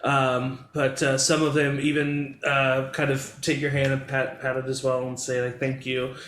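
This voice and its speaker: A man's voice: medium pitch, completely flat delivery, normal speed, a bit bright, reverberant, a little hiss or hum, close to an everyday voice. A man voicing a humble, polite male keeper of records who talks in a hesitant, stammering, apologetic way. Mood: meek.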